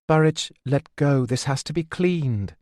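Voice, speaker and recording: Audiobook figure: practical, stubborn young woman, voiced lightly by a man, matter-of-fact and brisk; dry booth sound. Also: mid-range voice, a little mellow, dry recording, lightly acted.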